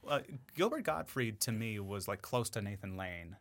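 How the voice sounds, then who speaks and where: A man, a voice actor guest on a podcast, talking in a casual, animated way with lots of fillers. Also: lowish voice, moderate pace. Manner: animated, chatty, full of fillers.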